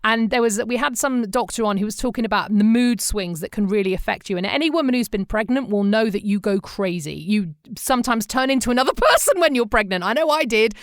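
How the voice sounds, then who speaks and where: A middle-aged woman from England chatting on a podcast, her voice sitting a little high. She tells stories with lots of animation and acts out the people she quotes. The sound is dry and close. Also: expressive, brisk, hardly any pauses, dry recording. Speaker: podcast co-host. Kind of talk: casual podcast chat.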